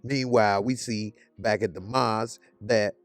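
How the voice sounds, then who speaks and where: A man's voice: on the low side, fairly even intonation, unhurried, no echo. Man recapping a show, chatty storytelling, faint music underneath. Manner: chatty, retelling scenes in voices. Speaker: TV episode reviewer. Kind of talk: casual episode recap.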